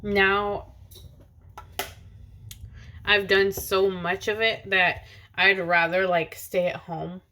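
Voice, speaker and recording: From the driver's seat, a mother of two in her thirties records a casual personal vlog, rambling to the camera with many fillers and restarts. Her medium-pitched voice is flat and sharp, with a slow pace and long pauses. There's a little hiss or hum in the recording.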